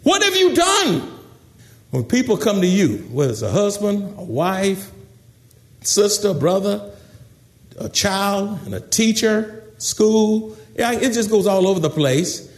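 A man preaching a sermon in an animated way, acting out gossiping people. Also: high voice, a little slow. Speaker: pastor.

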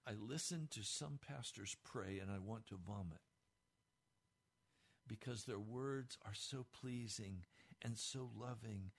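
A man's voice: lowish voice, slow, husky. A man preaching a sermon as pastor, earnest and blunt.

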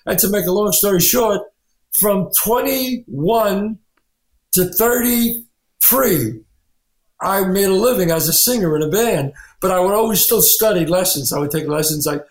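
Man, actor-writer guest, lively storyteller, slightly high voice, roomy echo. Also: measured pace. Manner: animated anecdotes, acting out quoted voices. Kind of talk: storytelling interview.

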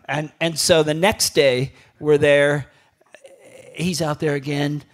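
A man's voice: a little high, little pitch movement, slow. A man in his fifties, a former pro surfer, telling rambling stories in a profane, laughing way. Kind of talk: casual storytelling.

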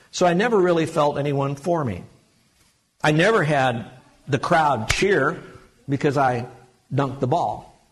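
Husky-voiced man preaching a lively sermon. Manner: animated preaching with sudden high exclamations. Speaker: pastor. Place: church sanctuary.

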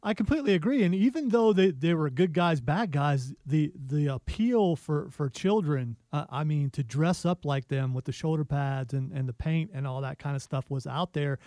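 Male co-host, somewhat high but mellow voice, relaxed storyteller, dry close sound. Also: normal speed, hardly any pauses, no room sound. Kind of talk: casual wrestling podcast chat.

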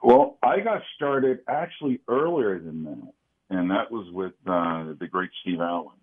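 Deep-voiced man over a tinny phone line. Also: animated, measured pace, slightly rough. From Kansas City. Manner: easygoing, brief agreeing replies. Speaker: security consultant guest. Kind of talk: casual interview chat.

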